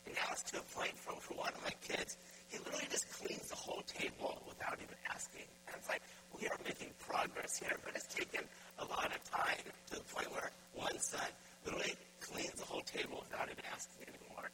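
A man preaching a sermon as pastor, putting direct, repeated questions to his congregation. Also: normal speed. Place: church. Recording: loud background noise.

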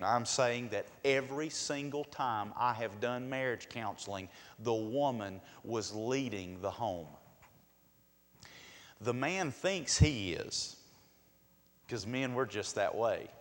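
A male pastor delivering a sermon, asking rhetorical questions and acting out quotes in a raised voice. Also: mid-range voice. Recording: long hall reverb.

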